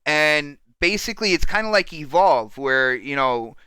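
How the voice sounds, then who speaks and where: A man's voice: fairly high pitch, unhurried, clear, resonant tone, dry recording. A man hosting a casual podcast panel, teasing his guests and calling them dude and man. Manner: excitable, teasing, calls people dude and man. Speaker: podcast host.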